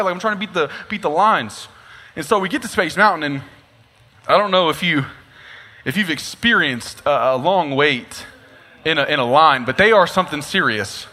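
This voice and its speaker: A young man preaching a sermon, telling a comic story with lively asides. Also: sits high, moderate pace. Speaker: pastor. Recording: long reverb of a large hall.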